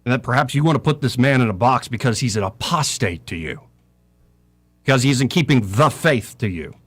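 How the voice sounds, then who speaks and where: A man's voice: mid-range voice, lively intonation, moderate pace, fairly bright tone. A middle-aged man giving impassioned talk radio commentary, preaching with scripture and swinging his voice up and down. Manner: preacherly, quoting scripture, voice rising and falling.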